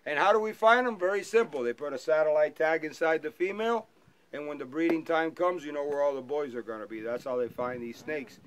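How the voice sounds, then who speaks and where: A brisk, fairly high-voiced man leads a joking airboat tour outdoors in the wetlands, teasing his passengers and telling stories. The rough recording comes from a 360 camera on the boat, with loud wind and engine sound.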